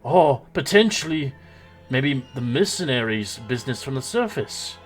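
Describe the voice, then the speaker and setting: A man voicing a charismatic male politician in a tabletop game, making grand, booming proclamations. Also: sing-song, normal speed, faint music behind, natural voice. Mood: grandiose.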